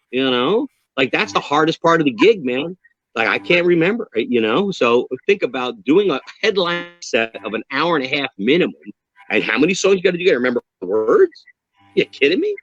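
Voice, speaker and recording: New york guy joking around hard on a video call, kinda high voice, dry and dull sound. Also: fairly quick, no echo. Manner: animated, emphatic, joking. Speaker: guest drummer. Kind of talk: casual interview chat.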